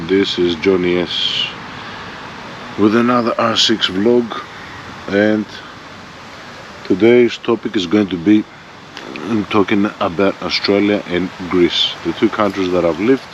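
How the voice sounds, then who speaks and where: A motorbike vlogger in his forties rants bluntly and profanely in a rambling vlog, his lowish voice steady and a little slow, with long pauses. He's recorded outdoors on a bike-mounted front camera, and the lo-fi audio is dull with faint vehicle noise.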